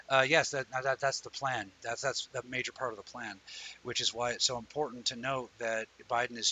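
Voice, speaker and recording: A man's voice: mid-range voice, bright, forceful tone, husky, poor audio. A man hosting a live online talk show, chatting in a rambling way and telling stories animatedly to viewers he greets by name. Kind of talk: casual livestream chat.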